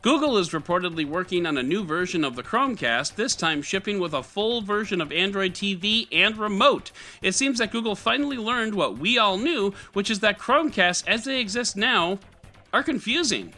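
Bright, wry, lively tech podcast host. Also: male voice, sits high, moderate pace, soft background music. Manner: wry, sarcastic, animated delivery. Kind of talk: scripted tech news podcast.

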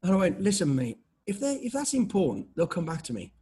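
A former special forces soldier, appearing as an interview guest, tells casual stories in a husky voice that sits high and moves fast. Blunt and animated, he keeps restarting and acting out conversations.

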